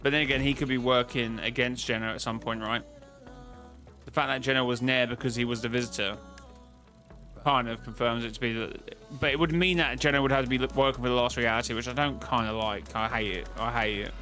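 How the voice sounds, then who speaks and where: Brief: male streamer, bright and forceful tone, rambling casual chat with faint music under it. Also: mid-range voice, fairly even intonation, a little fast. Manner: rambling, talks to chat, frequent restarts and self-corrections. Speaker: streamer discussing game-lore theories.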